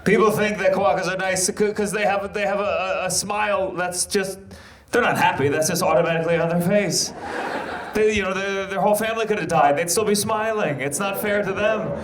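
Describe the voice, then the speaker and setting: An American man doing stand-up comedy, with a slightly high voice and a wry, stammering delivery. He sounds loud and reverberant, as if in a big echoey venue. Noise from the crowd is clear behind him. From United States. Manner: stammering restarts, wry and quick.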